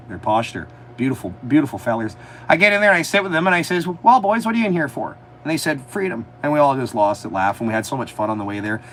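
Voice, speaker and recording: A man chatting on a casual livestream from a motorhome, telling animated stories with a lot of swearing and mockery. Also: medium pitch, a little hiss or hum, poor audio. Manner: animated storytelling, swearing, mocking. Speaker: livestream host. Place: inside a motorhome.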